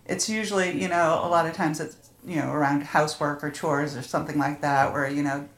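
A woman's voice: low-pitched, steady tone, brisk, roomy sound. A middle-aged woman hosting a podcast in casual chat, laughing often and swearing freely. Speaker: podcast host.

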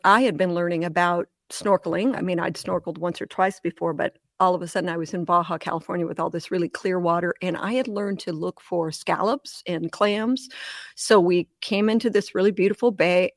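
Interview guest, woman, animated storyteller who laughs easily, dry close recording. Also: fairly low pitch, no room sound. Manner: animated storyteller, laughs often, acts out voices. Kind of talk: storytelling in casual conversation.

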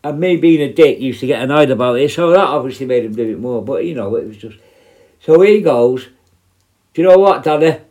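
A man's voice: medium pitch, lively intonation, a little fast, darkish tone. Blunt, sweary man. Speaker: former prison officer. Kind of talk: casual storytelling.

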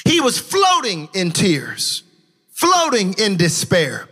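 A man preaching a sermon as pastor, impassioned, with a sing-song cadence that swings from shouts to low, hushed lines. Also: huge pitch swings, slow pace.

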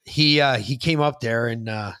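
Bright, animated middle-aged male storyteller. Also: mid-range voice, moderate pace, smooth, dry recording, clean studio sound. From New York State. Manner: animated and profane, acting out other people's lines. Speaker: podcast co-host. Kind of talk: casual podcast storytelling.

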